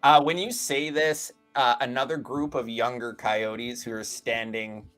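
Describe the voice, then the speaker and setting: A man's voice: mid-range voice, flat delivery, unhurried, fairly bright tone, rough recording. Guy running a tabletop game, chill and sweary, faint music behind. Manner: casual, swears, many fillers. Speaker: game master.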